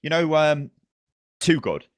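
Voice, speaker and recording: A man's voice: a little high, animated, takes it slowly, dry recording. A man, co-hosting a casual podcast, chiming in with slangy asides and frequent laughter. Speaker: podcast co-host. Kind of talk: casual chat.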